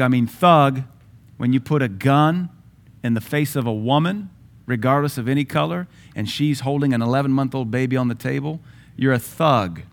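Middle-aged male pastor, forceful repetitive sermon delivery, average pitch. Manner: emphatic, repetitive preaching cadence.

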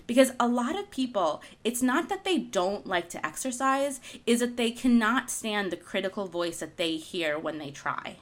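A woman telling a personal story in a casual, animated way, often laughing as she talks. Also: medium pitch, moderate pace, hardly any pauses. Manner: animated, laughing through anecdotes. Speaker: author and guest speaker.

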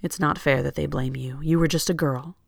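Calm, kind man, speaks soft and even, slight gravel , done by the reader. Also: medium pitch, brisk, no room sound, studio quality. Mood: gentle. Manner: calm and gentle.

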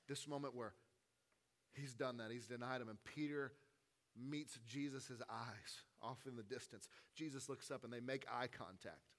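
A male pastor preaching an Easter sermon, retelling scripture with storyteller drama and casual, conversational asides that sink to a hushed tone. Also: medium pitch, normal speed.

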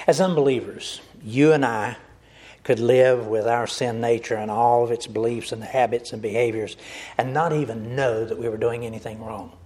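A man delivers an earnest sermon in a husky, slightly rough voice. He speaks to his listeners directly and calls them folks. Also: mid-range voice, darkish tone. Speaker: preacher.

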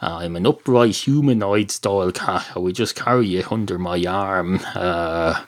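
A man's voice: low-pitched, moderate pace. A man voicing a polite upright humanoid male cat at a bar, rambling and fussy, courteous to a fault. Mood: fussy politeness.

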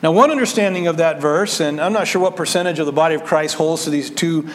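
A man preaching a verse-by-verse sermon, animated, acting out the voices he quotes and restarting words as he goes. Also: on the high side, quick pace, in a large hall. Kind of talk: expository sermon.

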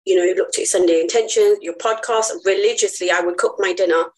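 A woman's voice: lowish voice, steady tone, brisk, low-quality recording. A woman guest on a podcast, earnest and heartfelt as she tells her personal story. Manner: earnest, heartfelt, laughs easily.

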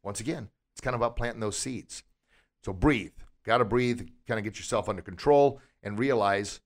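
A man hosting a podcast, giving an energetic motivational talk as a martial arts instructor and asking his listeners lots of rhetorical questions. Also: on the low side, moderate pace.

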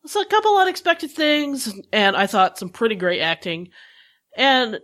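A woman's voice: a little high, moderate pace. Effusive woman podcast co-host. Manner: effusive, emotional, animated storytelling. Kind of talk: casual podcast chat.

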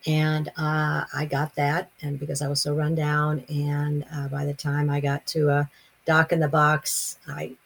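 A middle-aged woman from California speaks in a low, gravelly voice with a husky edge. She tells her story haltingly, pausing on fillers and restarting her phrases. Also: completely flat delivery. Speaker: guest telling her near-death experience. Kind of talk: personal storytelling in conversation.

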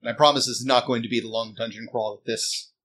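A man running a tabletop game as game master, setting scenes slowly and deliberately. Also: mid-range voice, fairly even intonation, fairly bright tone.

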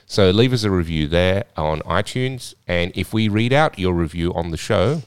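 A man co-hosting a podcast, calm and collected in casual chat. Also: sits low, normal speed, clear, resonant tone, dry recording, studio quality. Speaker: podcast co-host. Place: informal room without a sound studio.

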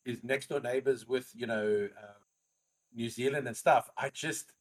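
A man co-hosting a podcast, talking in an easygoing, earnest way. He circles back and restarts his sentences as he works through a point. His voice sits at an ordinary middle pitch. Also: fairly even intonation, measured pace. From Australia. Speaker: podcast co-host. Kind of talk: casual chat.

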